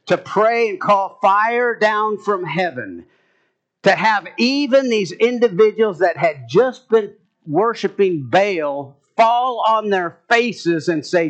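A man's voice: sits high, expressive, slow pace, fairly bright tone. A man preaching a sermon, building to emphatic bursts as he retells scripture stories. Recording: muffled, dull lo-fi sound.

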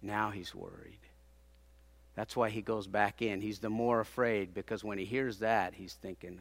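A man preaching a sermon, dramatically acting out the people he quotes, rising to loud peaks and dropping to hushed tones. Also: fairly even intonation, normal speed. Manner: dramatic, acts out quoted speakers with big swings in loudness; drops to hushed low tones for emphasis.

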